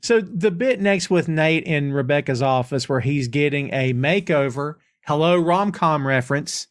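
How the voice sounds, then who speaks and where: A man hosts a podcast reviewing a TV episode, chatting casually and recapping scenes by retelling the dialogue line by line. His voice is fairly high with lively intonation at a moderate pace, recorded in a clean studio with no room sound.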